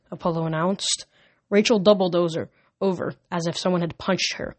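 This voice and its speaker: A woman reading a novel aloud at a steady pace, with small slips and restarts. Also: on the low side, normal speed, dry recording. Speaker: audiobook reader.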